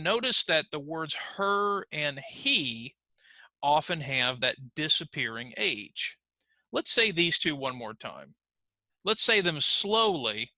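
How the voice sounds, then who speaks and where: Bright-voiced man teaching pronunciation. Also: on the high side, no echo, low-quality recording. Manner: slow, clear modeling of words for learners to repeat. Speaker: ESL teacher. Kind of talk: online pronunciation lesson. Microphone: computer mic on a screen recording.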